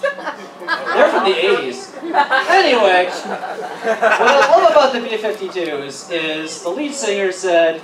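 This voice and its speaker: A stand-up comedian with a mid-range, slightly bright voice performs very animatedly at a slow pace with long pauses. The set is rambling and profane, often broken by laughter, in a convention event hall. The recording sounds roomy and distant with noisy ambience.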